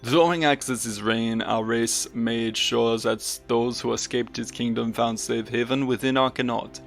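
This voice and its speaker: A man's voice: medium pitch, steady tone, a little slow, vocal fry, soft background music. A man voicing a solemn exiled male bird-folk warrior in a put-on French accent for a video game let's play. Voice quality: accent degrading as it goes.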